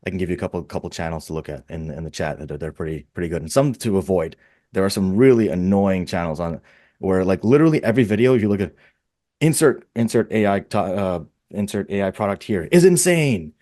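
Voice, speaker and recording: A man's voice: deep voice, expressive, fast, dark tone, no room sound, studio quality. A man speaking on a webinar panel in a rambling, enthusiastic way, often repeating words as he thinks aloud, heard over a video call. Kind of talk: casual webinar panel talk.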